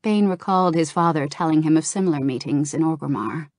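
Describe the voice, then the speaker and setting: A woman narrating a fantasy novel aloud in a calm, steady reading voice. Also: deep voice, fairly quick, dry recording, studio quality. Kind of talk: audiobook narration of a game novel.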